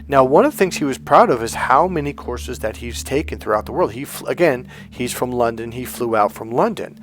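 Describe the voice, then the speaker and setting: Male dating coach, mid-pitched, blunt storytelling monologue, profane, repeats for emphasis. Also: lively intonation, fairly quick, few pauses, slight background noise.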